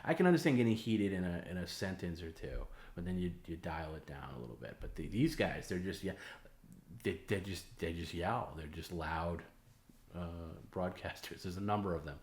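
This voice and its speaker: A man's voice: deep voice, expressive, normal speed, darkish tone, echoey room. A man hosting a casual late-night stream, talking in a rambling way with many fillers and restarts. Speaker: host.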